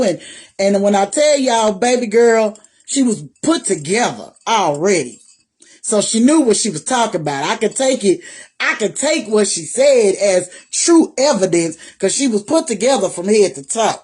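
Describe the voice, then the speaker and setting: A woman vlogger shares a personal testimony directly with her viewers, faith-filled and encouraging, repeating phrases for emphasis. Her medium-pitched voice is very animated yet a little mellow, with a breathy edge, at a moderate pace.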